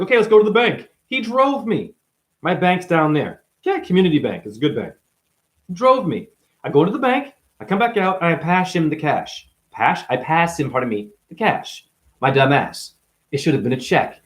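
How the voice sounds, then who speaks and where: A man from Boston rambling on a livestream, animated and swearing, jumping between topics and acting out the people in his stories. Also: a little high. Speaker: livestream host.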